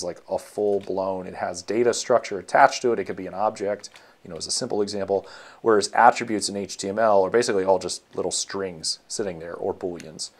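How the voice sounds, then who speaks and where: A man walking through his code in a casual screencast, thinking aloud with many ums and self-corrections. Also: deep voice. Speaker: web developer teaching. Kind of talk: casual screencast coding walkthrough.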